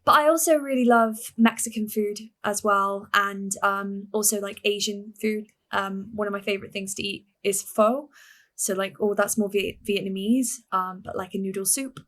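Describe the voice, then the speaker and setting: A woman's voice: mid-range voice, fairly even intonation, normal speed, a bit bright. A young woman from England talks as a podcast guest with a mid-range voice. She is chatty and upbeat and breaks into laughter easily. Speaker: podcast guest, fitness coach. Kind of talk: casual interview chat.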